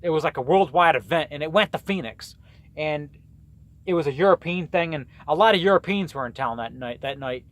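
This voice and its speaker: Trucker guy venting on his vlog, keeps restarting, kinda higher voice. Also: brisk. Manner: rambling and repetitive, with restarts. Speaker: vlogger and truck driver. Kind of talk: casual rant to camera.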